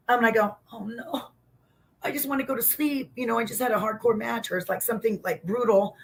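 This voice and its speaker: A middle-aged woman, a former wrestler, telling stories in a casual interview, animated and acting out quotes, with casual swearing. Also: fairly high pitch, brisk, creaky, slightly rough.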